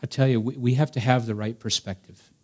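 A man preaching a sermon as a pastor, earnest, swinging between emphatic raised passages and quiet storytelling. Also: medium pitch, steady tone, a little fast. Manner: earnest preaching, rising to emphatic peaks, dropping soft for stories.

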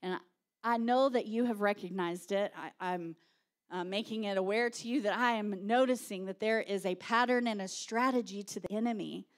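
A woman pastor, preaching a sermon with animated storytelling and shouted quotes. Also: mid-range voice, moderate pace.

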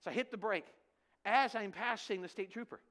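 A man's voice: high voice, a little fast. A middle-aged male pastor preaching a sermon in church, telling stories with lots of rhetorical questions. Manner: animated storytelling, rhetorical questions.

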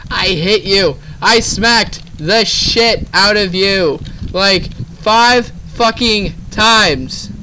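A man's voice: sits high, very slow, few pauses, sharp tone, slight background noise. A young man giving let's play commentary, exasperated and swearing heavily, talking straight to the game. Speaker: gaming video host.

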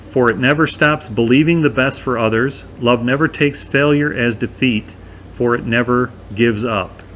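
Man, bible study teacher, conversational, emphatic, mid-pitched voice, faint air conditioning hum. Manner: conversational, emphatic, asks listeners "right?".

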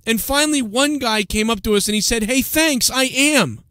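A man mockingly impersonates a rowdy, cocky male radio host who drinks beer and brags crudely, pushing his voice very high above his natural range. The delivery is bright, forceful, and at normal speed, full of brash, laughing braggadocio. The recording is dry and studio quality.

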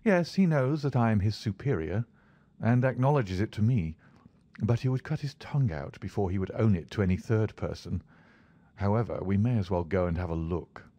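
A man reading the part of a calm, aloof male detective, cool and unhurried in manner. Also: fairly low pitch, no room sound. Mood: brisk.

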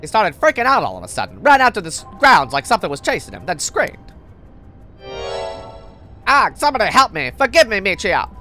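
A woman voicing a blunt, swearing teenage delinquent girl in a video game, with a low, dismissive drawl. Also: wildly swooping pitch, a little fast, pauses often, pushed and bright, faint music behind. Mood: gruff.

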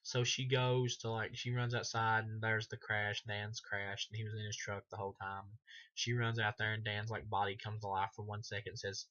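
A man's voice: fairly low pitch, completely flat delivery, moderate pace, sharp tone, muffled recording. A man giving a casual, rambling film review, full of fillers and swearing. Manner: rambling, heavy filler words, frequent swearing.

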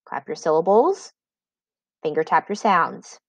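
A woman reading teacher giving a recorded spelling lesson for children, dictating words slowly and clearly with example sentences. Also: low-pitched, sing-song, dry recording.

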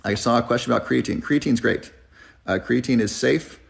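A man's voice: mid-range voice, brisk, gravelly. A man in his thirties hosting a live health Q&A, talking earnestly and reflectively to viewers. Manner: earnest, reflective, tearing up at times. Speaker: health channel host. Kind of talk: live Q&A chat. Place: driving, in a car.

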